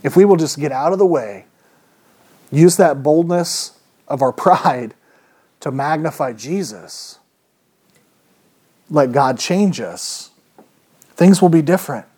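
A man's voice: on the high side, animated, slow pace, long pauses, darkish tone, slightly rough. A man preaching a conversational sermon, emphatic and full of rhetorical questions.

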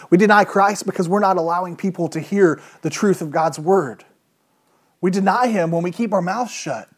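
Male preacher, slightly high voice, casual and emphatic, asks the congregation questions. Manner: conversational, emphatic, rhetorical questions. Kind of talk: sermon.

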